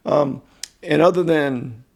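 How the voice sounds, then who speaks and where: A man's voice: fairly high pitch, slow, creaky, a little mellow. A middle-aged man speaking candidly as a podcast guest, earnest and heartfelt, reflecting on what matters in life. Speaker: podcast guest, football coach. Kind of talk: candid emotional interview talk.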